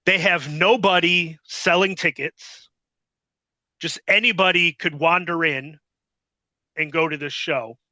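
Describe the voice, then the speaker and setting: A man's voice: a little high, slow, long pauses, pushed and bright, no room sound, highs cut off. A middle-aged man telling a long casual anecdote as a podcast guest, rambling with many fillers and acting out what others said. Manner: rambling, filler-heavy, acts out quotes.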